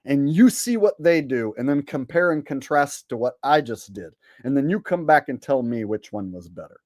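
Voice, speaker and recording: A man ranting on his own livestream, sarcastic and profane, bragging about himself as he goes. His voice sits at an ordinary middle pitch. The sound is dry and close, with little room. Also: lively intonation, normal speed, a little mellow, no echo. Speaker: host. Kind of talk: casual livestream rant.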